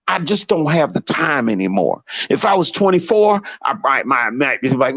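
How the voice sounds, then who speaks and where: A man talking casually on a live stream, animated and heated, repeating himself as he makes his point. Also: medium pitch, moderate pace, hardly any pauses, dry recording. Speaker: guest on a live show.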